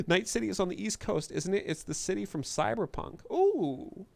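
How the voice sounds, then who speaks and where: A young man reading game text aloud on a stream, with a lively, up-and-down voice and amused asides. The sound is dry and close. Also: high voice, normal speed, creaky, no echo. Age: young adult. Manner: amused, reads text out then reacts.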